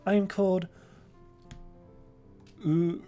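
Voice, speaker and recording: A man's voice: sits high, little pitch movement, very slow, warm tone, faint music behind, pitched above the performer's own voice. A man voicing an elegant, mature male parakeet who runs a café, speaking politely and formally.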